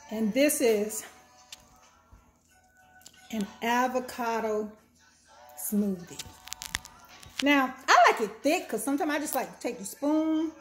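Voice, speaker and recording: An older woman with a high voice, taking her time as she hosts a home cooking vlog. She speaks like a minister, with churchy warmth, and hums long and low as she tastes. Soft music plays underneath. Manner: warm, preachy, tastes food with drawn-out hums.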